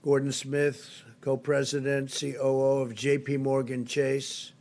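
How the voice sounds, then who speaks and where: A man's voice: medium pitch, completely flat delivery, unhurried, darkish tone. An older man giving a press briefing at a podium microphone, repeating himself with emphatic superlatives. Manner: repetitive, emphatic, superlative-heavy delivery. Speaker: political leader giving a briefing. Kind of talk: spoken press briefing remarks. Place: briefing room.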